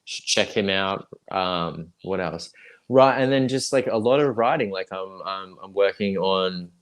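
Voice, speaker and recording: Low-voiced man chatting casually. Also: measured pace, smooth. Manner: rambling, frequent fillers and restarts. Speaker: guest actor. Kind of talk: casual livestream chat.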